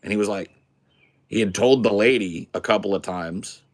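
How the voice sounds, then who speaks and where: A man telling a story in a casual, animated, profane way as a podcast host. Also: lowish voice, normal speed. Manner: animated, profane, swears freely.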